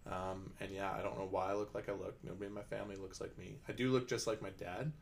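Man, low gravelly voice, easygoing rambling guest. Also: fairly even intonation, fast talker, slight background noise. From Canada. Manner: laid-back, rambling with many fillers. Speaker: business owner guest. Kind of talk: casual podcast chat.

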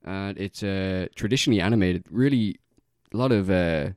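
A man's voice: low-pitched, normal speed, a little mellow, no echo, studio quality. A young man chatting casually as a podcast co-host, rambling through a story with lots of fillers and laughter. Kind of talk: casual chat.

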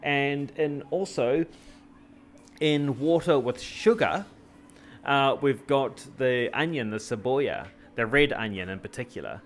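A man's voice: mid-range voice, animated, a little slow, faint music behind. Rambling, jokey man. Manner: rambling and jokey, with lots of fillers and restarts. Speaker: travel vlogger and host. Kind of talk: casual travel cooking vlog.

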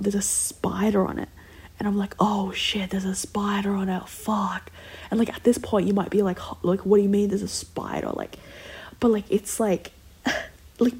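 Young woman with a gravelly, husky voice. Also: mid-range voice. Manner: rambling, many "like" fillers, drops into soft whispers. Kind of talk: casual storytelling monologue.

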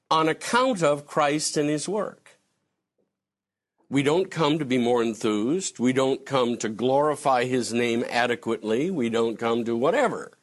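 Animated male theology lecturer. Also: medium pitch. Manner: digressive, animated, breaks into acted quotes. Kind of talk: conversational lecture answering a question.

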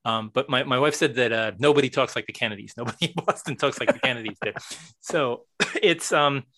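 A man's voice: medium pitch, fairly quick, fairly bright tone, dry recording. A man chatting as a podcast guest, rambling with many restarts. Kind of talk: casual chat.

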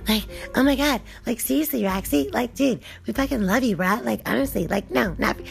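A woman's voice: a little high, brisk, creaky, faint music behind, voice pushed up. A woman voicing a bubbly, slangy young woman who gushes and piles on filler words. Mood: gushing. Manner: gushing, slangy, filler-heavy.

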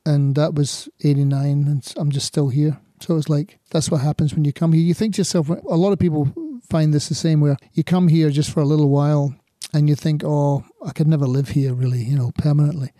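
An older man with a gentle Scottish accent talks about his life as an interview guest, ambling and reflective. His voice is mellow and slightly high, and the room sounds close and dry. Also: flat delivery, a little fast, few pauses, no echo. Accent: mild Scottish. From Scotland. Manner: reflective, rambling, says "you know" often. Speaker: guest musician. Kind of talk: casual interview chat.

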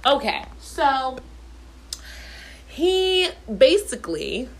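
A woman's voice: high-pitched, sing-song, extremely slow. A woman in her thirties venting in a casual storytime, blunt and profane, talking from her bathroom at home.

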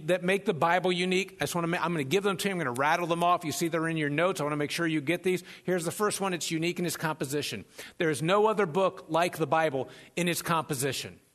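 A man preaching a sermon as pastor, animated and conversational, joking and acting out the voices of people in his stories. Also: high-pitched. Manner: animated, conversational, jokes and acts out quotes.

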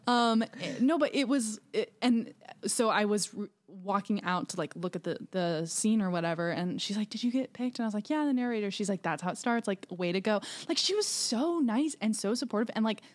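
A woman's voice: medium pitch, animated, fairly quick, hardly any pauses. A young woman co-hosting a podcast, telling a story in casual chat with lots of fillers and restarts. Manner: chatty storytelling with many fillers. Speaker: podcast co-host.

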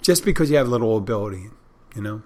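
A man with a fairly low voice talks to his listeners in a loose, unscripted monologue. He wanders from point to point, restarts sentences and corrects himself, and sometimes loses his train of thought. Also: animated, fast talker, dark tone. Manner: meandering, self-correcting, loses his thread. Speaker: podcast host. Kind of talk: casual rambling monologue.

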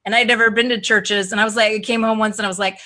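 A woman's voice: mid-range voice, fairly even intonation, pushed and bright. A woman from Wisconsin with an Upper Midwest accent, a podcast guest in casual chat who rambles and restarts her sentences. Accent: Upper Midwest American. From Wisconsin, USA. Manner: rambling, halting, many restarts.

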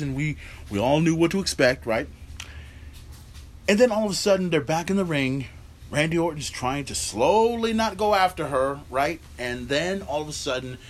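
A man hosting a podcast, recapping a wrestling show in an incredulous, profanity-heavy rant full of rhetorical asides. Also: fairly high pitch. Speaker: podcast host.

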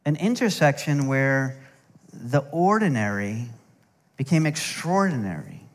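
Preaching with humor, stories, and asides, this middle-aged pastor from the United States is very animated yet unhurried. His voice sits in the mid range, and a long hall reverb trails each word.

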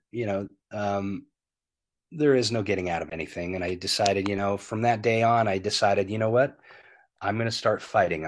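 Speaking candidly as an interview guest, a man in his fifties sounds earnest and animated, with a fairly low pitch. He fills his speech with "you know" and swears freely.

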